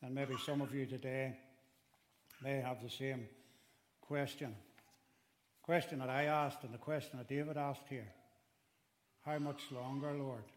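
A man's voice: medium pitch, steady tone, a little slow, long pauses, a little hiss or hum. A man preaching a sermon, earnest and emphatic, speaking directly to his listeners and pressing harder on the pleas he quotes. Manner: direct address to listeners with restarts.

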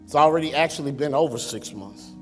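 A man's voice: fairly high pitch, a little fast, music in the background. Male pastor preaching in a reverberant sanctuary. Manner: conversational preaching with rhetorical questions. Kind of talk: sermon. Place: church sanctuary. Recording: long reverb in a church sanctuary.

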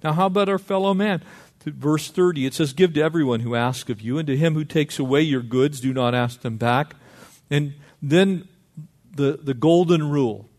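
A middle-aged man preaching a sermon, lively and conversational, acting out little dialogues. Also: on the high side, normal speed. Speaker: pastor.

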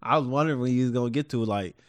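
A man's voice: very fast, no room sound. A man co-hosting a podcast in casual banter, teasing and jumping into mock voices. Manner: teasing, lively, jumps into high-pitched mock voices. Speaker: podcast co-host.

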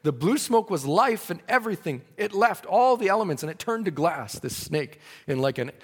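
A man's voice: high-pitched, big pitch swings, normal speed, husky, long reverb tail. A man preaching a sermon, telling a story dramatically and breaking into praise.

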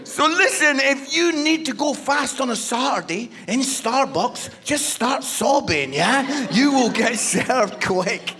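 Animated Scottish preacher, high lively voice. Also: male voice, slow pace, hardly any pauses. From Scotland. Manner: animated, humorous, acts out dialogue. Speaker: guest preacher. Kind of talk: sermon with personal storytelling.

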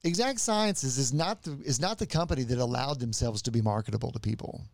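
A man's voice: mid-range voice, fairly quick, vocal fry, no echo, clean studio sound. A man, a medical practitioner co-hosting a podcast, explaining earnestly with restarts. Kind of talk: casual podcast chat.

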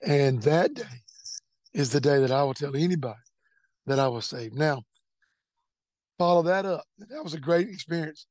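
Man, middle-aged, earnest testimony, fairly high voice, dry recording. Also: moderate pace, long pauses, a little mellow, no room sound. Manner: earnest, repeats words when emotional. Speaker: testimony speaker. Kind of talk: personal testimony storytelling.

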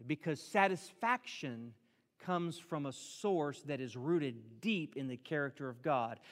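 Middle-aged male pastor, animated sermon delivery, slightly high voice, long hall reverb. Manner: animated preaching, acts out prayers in raised voice.

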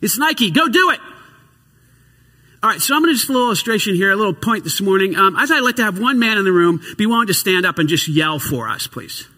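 A man in a church preaches with a high, bright, husky voice that swings from near-shouted emphasis down to hushed asides. He sounds tired but keeps pushing the energy back up. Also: quick pace, hardly any pauses, in a large hall. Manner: animated preaching, swinging between loud emphasis and quiet asides. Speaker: pastor. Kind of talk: sermon. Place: church hall with congregation.

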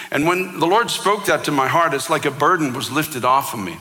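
A man's voice: on the high side, brisk, hardly any pauses, pushed and bright, in a large hall. A man preaching a sermon as pastor, telling a personal story with impassioned, rising intensity.

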